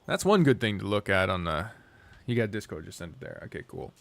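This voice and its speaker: A man's voice: deep voice, fairly quick, gravelly. A man streaming a strategy game, rambling casually, talking to himself and swearing often. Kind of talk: casual live-stream chat while gaming.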